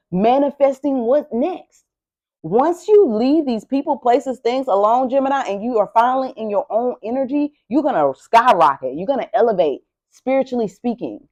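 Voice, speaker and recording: A woman's voice: on the high side, darkish tone, dull audio. A woman giving a tarot reading. She talks emphatically and repeats herself, preaching to her listener. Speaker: tarot reader.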